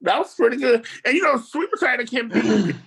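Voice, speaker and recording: A speaker on a video call, telling a rambling, animated story in casual chat, with slang and swearing. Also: medium pitch, fairly quick, gravelly, husky.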